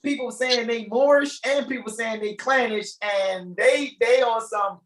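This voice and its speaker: A man hosting a live reading, talking off the cuff in a rambling, animated way and laughing often. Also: extremely high pitch, measured pace, slight background noise. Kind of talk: casual improvised commentary. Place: room in a shop. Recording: echoey room.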